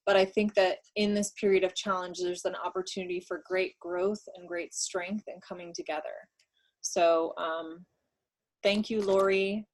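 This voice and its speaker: A woman's voice: fairly low pitch, steady tone, normal speed. Laid-back woman doing a one-card tarot read on a live stream, lots of ums and you-knows. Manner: warm, reflective, talks through ideas with fillers. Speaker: co-host and card reader. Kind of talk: casual live-stream chat.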